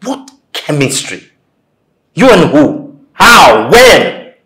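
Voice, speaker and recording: A man's voice: lowish voice, very animated, normal speed. A Nigerian actor playing a married man, incredulous and defensive. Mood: outraged. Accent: Nigerian English. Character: married man, confused and indignant. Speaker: actor in a romantic film.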